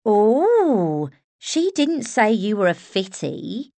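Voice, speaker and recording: A woman voicing a flamboyant, teasing woman nurse with an Estuary accent, loud and sassy. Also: medium pitch, sing-song, drawn-out words, dry recording, full character voice. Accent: Estuary English.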